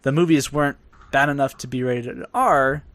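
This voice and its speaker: A young man co-hosting a podcast, talking in a loose, rambling way that breaks into laughter now and then. His voice sits at a middle pitch, close and dry on the mic with no room sound. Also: moderate pace, fairly bright tone, no room sound. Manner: chatty, rambling, laughs often. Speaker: podcast co-host. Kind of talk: casual podcast chat.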